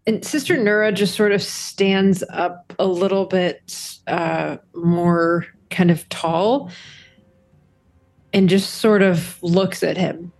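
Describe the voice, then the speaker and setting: A woman's voice: on the low side, steady tone, slow pace, gravelly, a little mellow. A woman playing a tabletop game, describing what her character does. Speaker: player.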